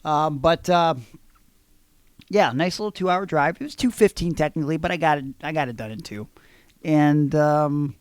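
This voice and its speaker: A man hosting a podcast, telling stories in a casual, animated, profane way. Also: a little high, normal speed, smooth, no room sound. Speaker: podcast host. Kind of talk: casual chat.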